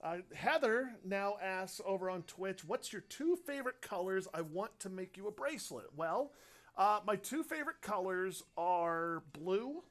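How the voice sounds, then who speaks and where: High-voiced chatty man hosting a radio livestream. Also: lively intonation, measured pace, fairly bright tone. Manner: rambling, chatty, upbeat. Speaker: radio host. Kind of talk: casual livestream chat, reading viewer questions.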